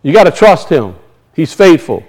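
In this low-quality recording, a middle-aged pastor whose voice sits notably high gives a very animated sermon at normal speed, with a slightly mellow tone. Rhetorical questions keep coming at the congregation as his emphasis builds and then eases off.

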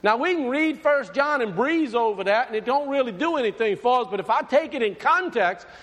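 A man's voice: very high voice, lively intonation, a little fast, fairly bright tone. A man preaching a sermon, talking conversationally and asking his congregation questions. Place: church sanctuary. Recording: long hall reverb.

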